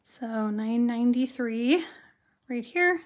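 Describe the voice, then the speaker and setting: A woman with a hoarse voice teaching watercolor on a live stream, chatty and greeting viewers by name as she works. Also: a little high, animated, slow pace, a little hiss or hum. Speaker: watercolor instructor. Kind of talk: live-stream craft tutorial.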